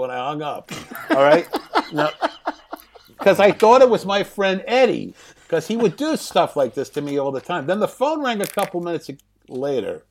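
A man in his sixties, a guest in an interview, telling anecdotes from home in a lively way, often laughing and swearing. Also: fairly high pitch, normal speed. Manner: animated, laughing, profane.

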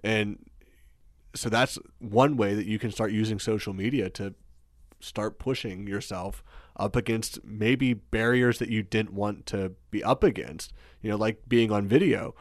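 A man's voice: lowish voice, unhurried, dry recording, clean studio sound. Earnest man giving motivational business talk. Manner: earnest and motivational, with many "you know"s. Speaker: guest, business owner. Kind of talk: casual conversation.

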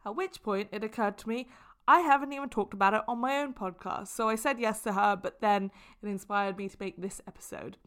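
A woman hosting her own solo podcast, talking in a gushing, effusive way and telling stories with big animated reactions. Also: medium pitch, brisk, clean tone. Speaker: podcast host.

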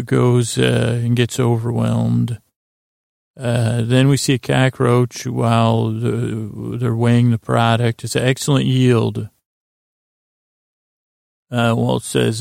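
A man rambling through a bedtime recap of a TV episode, halting often with uh and restarts and making dry asides. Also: mid-range voice, creaky, darkish tone, no room sound. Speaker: podcast host retelling a TV episode as a bedtime story.

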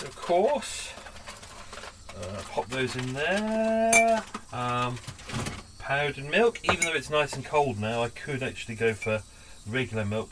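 A man's voice: mid-range voice, very noisy. Chatty London man rambling. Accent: London English. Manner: chatty, sweary, self-mocking asides. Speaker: vlogger living on a boat. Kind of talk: casual rambling monologue. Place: on a narrowboat, making coffee.

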